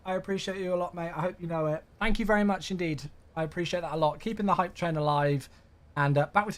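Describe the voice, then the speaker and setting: A man's voice: high-pitched, expressive, a little fast. A young man, chatting casually on a flight-sim live stream and thanking viewers by name.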